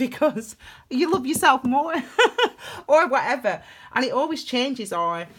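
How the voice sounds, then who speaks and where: A woman's voice: fairly high pitch, sing-song, moderate pace, a bit bright, breathy edge. A woman giving a casual tarot reading, chatty and rambling, laughing often. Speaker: tarot reader.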